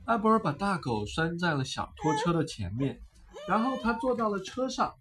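A woman reading a children's picture book aloud in a slow, expressive, deliberate way. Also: on the low side. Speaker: storyteller.

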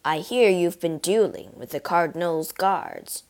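A woman's voice: low-pitched, sing-song, a little slow, darkish tone, full character voice. A woman doing a stern musketeer captain. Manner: snapping, scornful.

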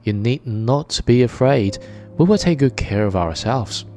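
A man's voice: medium pitch, animated, a little slow, darkish tone, faint music behind, lightly acted. A man voicing a group of small, wary young goat kids in a read-aloud fairy tale. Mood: reassuring.

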